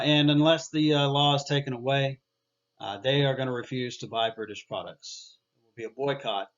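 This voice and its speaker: A man teaching history in a loose, conversational way, with plenty of filler sounds and restarts. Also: medium pitch. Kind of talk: recorded history lecture. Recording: dull lo-fi recording.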